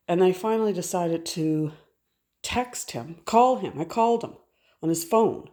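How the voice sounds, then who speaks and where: A woman's voice: on the low side, takes it slowly, long pauses, dark tone. A middle-aged woman chatting casually in a home vlog, rambling and interrupting herself as she walks around her house and garden. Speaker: vlogger. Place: house and garden, moving between indoors and outdoors.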